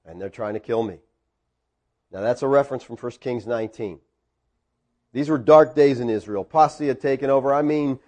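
A man preaching a sermon, telling a story with swings between quiet asides and loud peaks. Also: medium pitch, muffled recording. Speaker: pastor.

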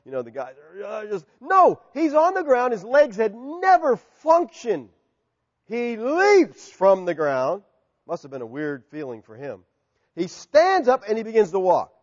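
Middle-aged male pastor, lively pitch, loud-to-hushed delivery, dull hall recording. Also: measured pace. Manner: animated preaching, swings from loud to hushed. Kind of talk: sermon.

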